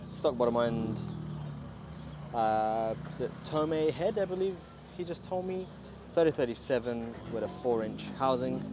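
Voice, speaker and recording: A man vlogging at an outdoor car meet, talking in hyped, slang-heavy street talk while filming on a handheld camera. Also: medium pitch. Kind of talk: casual walkaround vlog. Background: faint outdoor noise.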